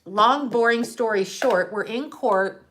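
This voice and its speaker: A woman's voice: a little high, takes it slowly. Laughing, profane woman telling a story. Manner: profane, laughing often, animated retelling. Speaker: host telling a personal story. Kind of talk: casual storytelling.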